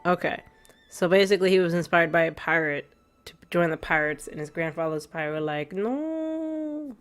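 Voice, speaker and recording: A woman's voice: sits low, level tone, brisk, clear, resonant tone, faint music behind. A woman streamer in casual, rambling chat with her viewers, a little stuffy from allergies and laughing often. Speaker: gaming streamer.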